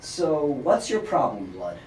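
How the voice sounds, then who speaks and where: A middle-aged man doing a stand-up comedy set in a club, with a dry, rambling deadpan delivery and many pauses. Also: a little high. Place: comedy club stage with live audience. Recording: roomy club sound from a distant mic, noisy. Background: audience laughter.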